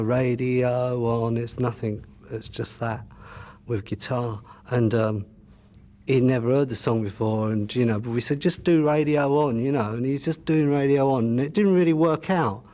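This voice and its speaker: A musician in an interview reminisces loosely about his band's early days, rambling with plenty of "you know" and restarts. His voice is medium-pitched with a somewhat dark tone.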